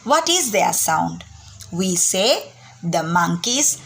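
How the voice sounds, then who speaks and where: A woman's voice: on the low side, very animated, very slow, vocal fry, a bit bright. A woman teaching young children, speaking in a sing-song way and imitating animal sounds.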